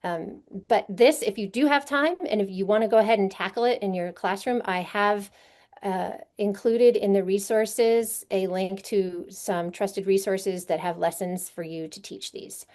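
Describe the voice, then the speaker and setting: A woman's voice: mid-range voice, unhurried, darkish tone. A woman presenting a literacy workshop to teachers, explaining patiently and often checking in with a rhetorical question. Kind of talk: conference teaching session.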